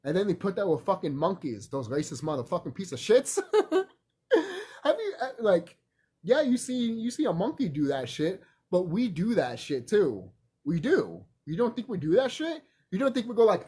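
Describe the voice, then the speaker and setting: A man vlogging in a rambling, profane casual monologue, animated and laughing often. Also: high voice, normal speed, slightly rough.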